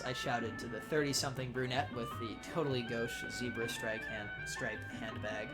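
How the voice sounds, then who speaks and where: A young man reads his own essay aloud, paced and wry. His voice sits at an ordinary middle pitch, and a faint bed of music plays behind him. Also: fairly even intonation. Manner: measured, wry storytelling. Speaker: narrator. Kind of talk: reading a personal essay aloud.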